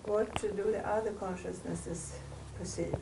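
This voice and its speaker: A woman in the audience asking a question, soft and hesitant. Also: mid-range voice, steady tone, measured pace, creaky. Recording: noisy and distant in the room.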